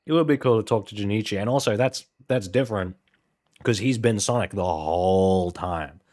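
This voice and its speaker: A man's voice: lowish voice, normal speed, darkish tone. A man casually rambling while playing a game, full of fillers and restarts, frank and offhand. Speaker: gaming channel host.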